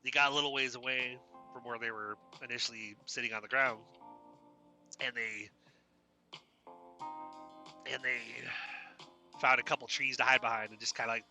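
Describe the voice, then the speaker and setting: Casual male storyteller, very bright, slightly high; rambly narration with faint music under. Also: steady tone, moderate pace, long pauses. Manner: casual, rambling, restarts often. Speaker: storyteller host.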